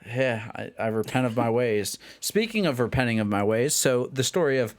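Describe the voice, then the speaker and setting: A man, co-hosting a podcast and telling a long, rambling anecdote in casual chat, acting out the shouting of people in his story. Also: mid-range voice, expressive, normal speed. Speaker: podcast co-host.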